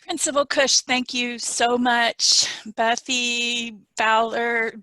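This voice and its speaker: A woman's voice: on the high side, little pitch movement, slow pace, sharp tone, no room sound. A woman hosting a webinar over a video call, giving thankful, emotional closing remarks and announcements. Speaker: webinar host.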